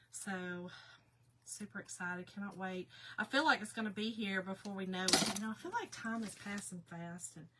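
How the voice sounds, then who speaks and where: A woman's voice: medium pitch, sharp tone. A woman chatting casually with her viewers while she crafts on a livestream, laughing often.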